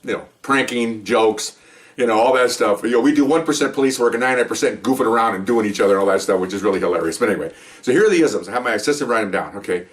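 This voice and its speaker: A man's voice: fairly low pitch, rapid-fire, far from the mic. An older man, a retired police officer, telling rambling, jokey stories from his career and peppering them with "okay?" and "you know". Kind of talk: casual storytelling monologue.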